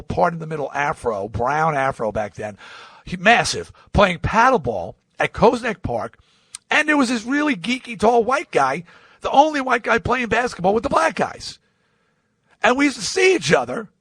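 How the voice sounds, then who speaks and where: A man's voice: big pitch swings, moderate pace, slightly rough, no echo. A man from Long Island, hosting a podcast, tells a rambling anecdote and acts out the people in it with big swings in voice. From Long Island, New York. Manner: acts out quoted voices with swings in pitch and loudness; rambling, with many restarts and asides. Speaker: podcast host. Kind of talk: animated anecdote storytelling.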